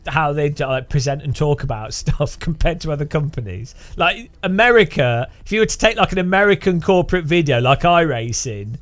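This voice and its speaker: Guy streaming a racing game, animated and high-voiced, cursing the physics. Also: normal speed, hardly any pauses. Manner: chatty, laughing, swearing at the game. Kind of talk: casual gaming stream chat. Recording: light music behind.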